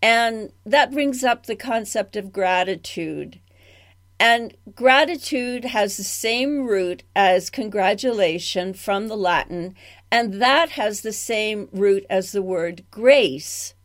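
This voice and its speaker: A woman's voice: medium pitch, slow. A woman interviewing a guest, speaking in a reflective, thoughtful way and dwelling on the meanings of words. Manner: reflective, talks about word roots. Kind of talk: radio interview.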